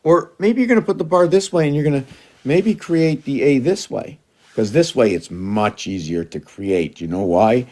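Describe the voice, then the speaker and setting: A man with a voice of ordinary middle pitch, rambling through a loose casual monologue. He coaxes his cats in a raised voice and drifts from one loose idea to the next. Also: animated, moderate pace, a little mellow. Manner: rambling, talks to his cats, jumps between loose ideas.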